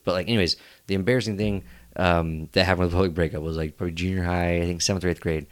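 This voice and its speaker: A man's voice: deep voice, steady tone, racing, smooth. A young man hosting a casual podcast, telling a rambling story and laughing often. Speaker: podcast host.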